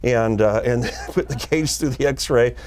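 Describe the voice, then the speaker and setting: A man's voice: medium pitch, measured pace, darkish tone. A man, a magician guest on a TV talk show, telling a rambling anecdote and laughing often. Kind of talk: casual anecdote. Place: TV studio.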